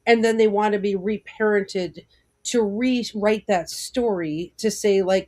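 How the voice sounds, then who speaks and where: A woman on a panel making a reflective point in halting phrases. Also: medium pitch, darkish tone. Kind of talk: casual panel discussion.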